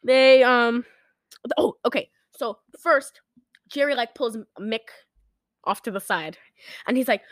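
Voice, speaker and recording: A woman's voice: a little high, unhurried, pauses often, dry recording, clean studio sound. A woman co-hosting a casual movie recap, rambling, giggling and acting out lines from the film. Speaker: podcast co-host recapping a movie. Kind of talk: casual chat.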